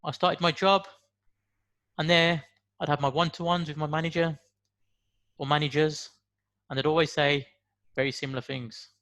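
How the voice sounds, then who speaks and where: A man in his forties with a Brummie accent delivers an earnest motivational monologue. His voice sits a little higher than most men's, and he leans on emphatic rhetorical questions. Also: fairly even intonation, normal speed, pauses often, fairly bright tone. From West Midlands, England. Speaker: motivational speaker.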